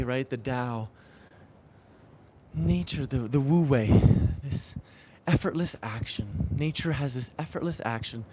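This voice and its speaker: Earnest man musing aloud, mellow voice. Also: on the high side, slight background noise. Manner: earnest, searching, repeats phrases to himself. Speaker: vlogger. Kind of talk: reflective spiritual vlog. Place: outdoors in the rain, riding a bike.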